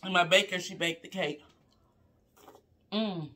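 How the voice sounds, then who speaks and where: A woman's voice: fairly low pitch, unhurried. A woman vlogger chatting casually to her viewers while eating a meal, humming "mm" between bites and talking with her mouth full. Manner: savoring food with frequent mm sounds, talking with mouth full; relaxed, chatty, addresses viewers as y'all. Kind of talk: casual live eating vlog.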